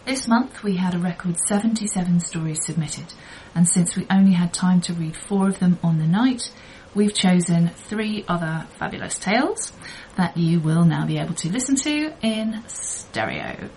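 A woman hosting a podcast, reading out measured scripted introductions. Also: fairly low pitch, sing-song, darkish tone, a little hiss or hum, low-quality recording. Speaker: podcast host.

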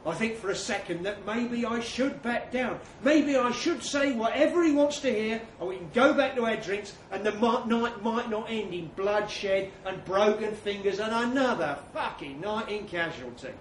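A man's voice: high-pitched, animated, moderate pace, few pauses, a little hiss or hum. A man reading a crude comic story to a laughing audience, acting out blokes' lines with swagger. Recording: echoey room from far off.

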